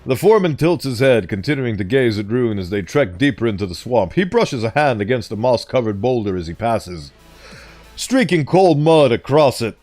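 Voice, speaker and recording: Playful animated male streamer. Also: mid-range voice, normal speed, soft background music. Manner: playful, animated, self-correcting. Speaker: streamer reading stories. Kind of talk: live-stream reading and chat.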